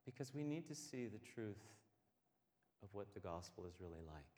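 A pastor preaching a passionate sermon, swinging between quiet and loud. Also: male voice, on the low side, animated, moderate pace. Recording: echoey hall.

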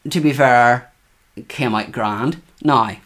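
A man co-hosting a casual chat, telling animated stories and acting out quotes. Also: mid-range voice, slow. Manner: animated storytelling, acts out quotes. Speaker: podcast co-host.

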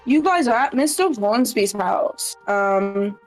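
A woman game master narrating a tabletop role-playing scene, her voice mid-pitched. She pauses often and uses fillers as she describes. Soft music plays under her. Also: animated.

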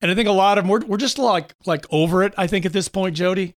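A man in his fifties hosting a talk show, chatting casually and telling animated stories with mocking impressions of others. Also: sits high, fast. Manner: animated storyteller, mimics others with mocking voices. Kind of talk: casual opinion chat.

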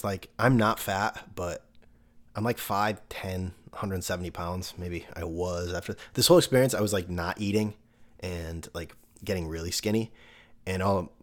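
A young man, a podcast host, telling a personal story in a loose conversational way, swearing now and then and laughing between thoughts. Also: low-pitched. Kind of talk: casual storytelling monologue.

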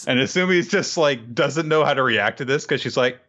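A man's voice: mid-range voice, fairly quick, fairly bright tone. Wry man on a slightly dull mic. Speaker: podcast co-host. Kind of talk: casual anime recap chat.

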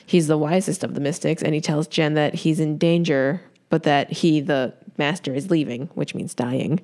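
A woman's voice: low voice, steady tone, normal speed, darkish tone. A woman co-hosting a casual podcast, recapping a film with wry, dry remarks. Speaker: podcast co-host. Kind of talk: casual movie recap chat.

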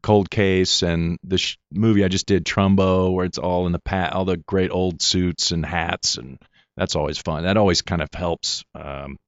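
A middle-aged male actor chatting as an interview guest, talking haltingly with many restarts and fillers. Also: deep voice, fairly even intonation, no echo, highs cut off. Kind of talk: casual interview chat.

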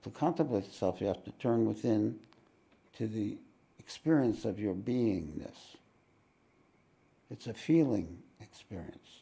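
A gravelly, darkly mellow male voice, thick with vocal fry. He teaches a live satsang at an ashram, musing reflectively and slipping in wry jokes between his points. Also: fairly low pitch, animated, unhurried, pauses often. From New York. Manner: reflective, with wry joking asides. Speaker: spiritual teacher. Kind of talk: live satsang talk with readings. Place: ashram meeting hall.

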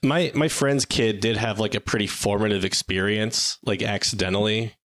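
A man co-hosting a casual fan podcast, telling an amused anecdote in a relaxed way. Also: on the low side, moderate pace. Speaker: podcast co-host.

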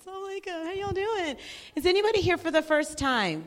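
Bubbly high-voiced woman moderator. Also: expressive, normal speed, a little hiss or hum. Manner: exuberant, cheering, laughing often. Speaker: discussion circle moderator. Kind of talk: casual group moderation. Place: mosque prayer hall. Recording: long hall reverb.

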